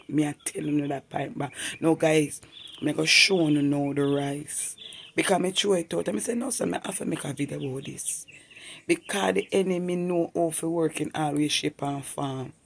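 A man giving an earnest personal testimony, repeating himself and bursting into loud emphatic exclamations. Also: on the high side, creaky. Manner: earnest, repetitive storytelling in creole-inflected English. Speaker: vlogger.

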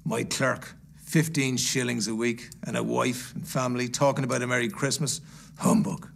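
A man voicing a bitter, miserly old man, speaking low, gruff and clipped. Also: normal speed, a bit bright, a little hiss or hum. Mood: scornful.

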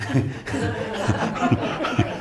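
Crowd noise surrounds a man preaching a sermon as he reads scripture and relates a lively testimony filled with quick laughter and emphatic asides.

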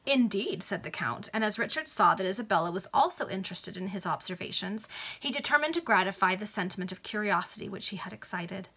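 Woman reading a novel aloud to friends on a video call; bright, amused. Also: medium pitch, animated, quick pace, slightly rough. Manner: amused, giggly asides. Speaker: reader. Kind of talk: casual read-aloud of a Victorian novel.

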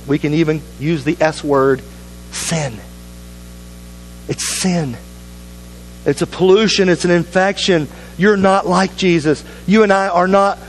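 A man's voice: high-pitched, slight background noise, poor audio. A man pastor preaching a sermon in a church, earnest and urging, with repeated appeals to the congregation. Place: church sanctuary.

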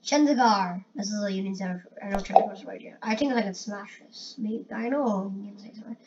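A woman giving casual gameplay commentary, excitable and prone to loud exclamations. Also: mid-range voice, a little fast. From India. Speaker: gamer. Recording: muffled lo-fi recording with faint hiss.

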